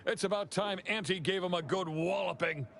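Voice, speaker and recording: A man's voice: high-pitched, normal speed, creaky, fairly bright tone, a little hiss or hum. An actor playing a chatty, upbeat male corporate publicist in a video game.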